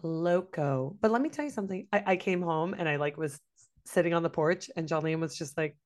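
A woman co-hosting a podcast, telling a story in casual chat with lively, profane delivery and acted-out quotes. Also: on the low side, brisk. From Latin American family. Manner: animated, swearing, acts out quoted voices. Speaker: podcast co-host.

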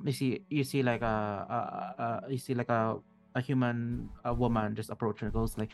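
A man running a tabletop game, narrating at a middling pitch with plenty of fillers and restarts. Faint music plays underneath. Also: level tone, moderate pace, a little mellow. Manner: rambling, filler-heavy. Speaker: game master.

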